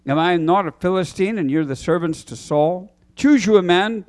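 A man's voice: high voice, moderate pace, a little mellow, voice pushed up, close to an everyday voice. A man reading aloud the challenge of a boastful giant warrior. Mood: defiant. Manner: read aloud from scripture.

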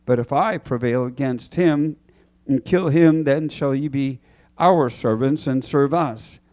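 A man's voice: medium pitch, measured pace, darkish tone, close to an everyday voice. A man reading aloud the challenge of a boastful giant warrior. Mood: defiant. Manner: read aloud from scripture.

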